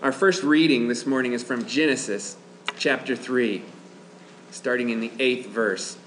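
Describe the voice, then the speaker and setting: A man reading scripture and preaching a sermon as pastor, in a slow, reflective way with emphatic repetition. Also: mid-range voice, steady tone, a bit bright, echoey room, a little hiss or hum.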